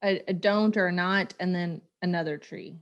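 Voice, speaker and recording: A woman's voice: lowish voice, normal speed, dull audio. Chatty woman podcast co-host. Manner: chatty, laughs often, animated storytelling. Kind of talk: casual chat.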